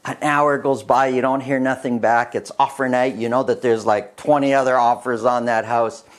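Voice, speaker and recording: Middle-aged male realtor, casual market update to camera, lively and chuckly, mid-pitched voice. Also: moderate pace. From Canada. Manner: animated, chuckling storyteller with many restarts. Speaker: realtor giving a market report.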